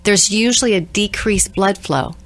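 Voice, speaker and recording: A woman co-hosting a call-in radio show, explaining things in a measured way. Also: medium pitch, fairly bright tone. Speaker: co-host, therapist.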